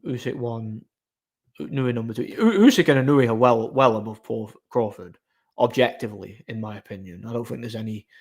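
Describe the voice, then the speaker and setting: A man, casually telling a story as host of his own channel, repeating words and using many fillers. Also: medium pitch.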